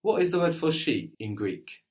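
A man's voice: fairly high pitch, big pitch swings, moderate pace. A man teaching a language lesson, patiently prompting his student with questions and often checking with "no?".

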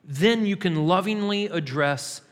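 A man's voice: high-pitched, unhurried. A man pastor preaching a sermon in a church, emphatic and repetitive, building in intensity. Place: church sanctuary. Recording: long hall reverb.

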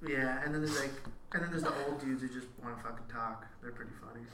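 A man's voice: medium pitch, fairly even intonation, fast talker, noisy background. A man in casual podcast chat, swearing often and laughing a lot. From Canada. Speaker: podcast co-host. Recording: echoey room with crowd behind.

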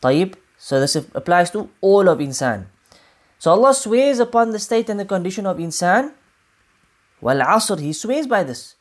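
A woman giving a religious lesson, explaining scripture in a measured way and repeating key points for emphasis. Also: medium pitch, very animated. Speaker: Quran teacher.

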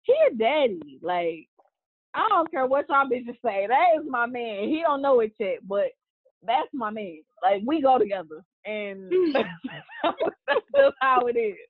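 A woman co-hosting a podcast in casual, animated chat, gushing and swearing freely. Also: a little high, normal speed, no room sound. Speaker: podcast co-host. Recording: tinny phone-like line.

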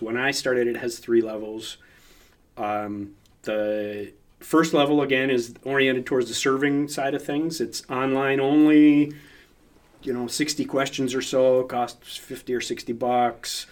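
A man calmly explaining beer styles and certification in a casual chat, step by step. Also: mid-range voice, measured pace. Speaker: beer expert guest.

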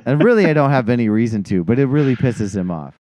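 Animated, swearing man ranting. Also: medium pitch, fast talker. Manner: animated, swears a lot, rants. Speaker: podcast co-host. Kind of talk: casual profane chat.

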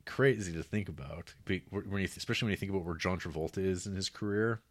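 A man's voice: deep voice, quick pace, no echo. A man co-hosting a podcast in casual chat, hesitant, restarting often, with dry humor. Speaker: podcast co-host.

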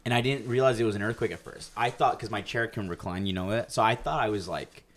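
Young man, lowish voice, animated storytelling. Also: fast. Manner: animated storyteller, acts out quotes in raised voices, swears freely. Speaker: podcast co-host. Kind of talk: casual podcast chat. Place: California.

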